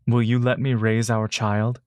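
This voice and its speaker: A man voicing a tender adult man in a fantasy story, speaking softly and reassuringly. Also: mid-range voice, little pitch movement, a little slow, clean tone, dry recording, clean studio sound, close to an everyday voice.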